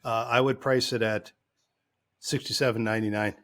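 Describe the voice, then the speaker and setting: A man's voice: medium pitch, fairly even intonation, normal speed, fairly bright tone. A man co-hosting a business podcast, rambling loosely with lots of restarts and filler. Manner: rambling, full of restarts and likes. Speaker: podcast co-host. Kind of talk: casual podcast chat.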